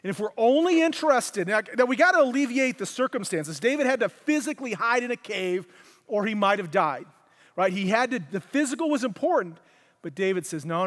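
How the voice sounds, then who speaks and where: A man preaching a conversational sermon, acting out quotes with lively shifts in voice, recorded in a church. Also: high voice. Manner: conversational, animated, acts out quotes. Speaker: pastor. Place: church hall. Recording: long hall reverb.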